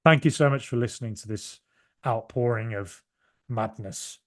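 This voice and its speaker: Podcast host, man in his forties, passionate and rambling, jumping from loud outbursts to mutters. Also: medium pitch, moderate pace. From Ireland. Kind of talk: excited solo match reaction.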